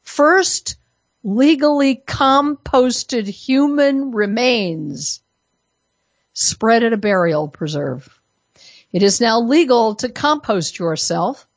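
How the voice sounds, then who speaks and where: A woman's voice: fairly high pitch, animated, slow, dry recording, dull audio. A woman from Colorado giving an opinion monologue as a commentator, full of sarcastic, mock-innocent asides. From Colorado, USA. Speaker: political commentator.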